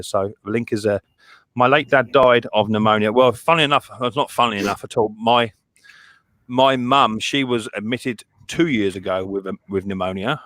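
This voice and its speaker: Halting man hosting a livestream. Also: lowish voice, a bit bright, no room sound, studio quality. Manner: rambling, halting with many restarts and fillers. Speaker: live stream host. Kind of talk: casual chat.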